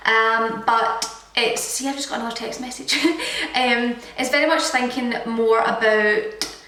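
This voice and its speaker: A woman's voice: on the high side, steady tone, measured pace, pushed and bright, distant mic. A young Scottish woman in her twenties, a fitness vlogger chatting casually through a Q&A with lots of filler words. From Scotland. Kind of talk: casual Q&A chat. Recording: echoey room, voice from the mic.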